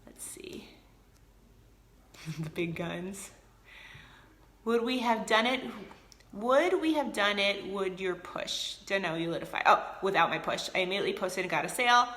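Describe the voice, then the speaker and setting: A woman's voice: mid-range voice, animated, a little slow, long pauses, a bit bright, roomy sound. A woman leading a sales team, chatting casually and energetically in a motivational live video, answering viewers by name. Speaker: team leader of a direct sales group.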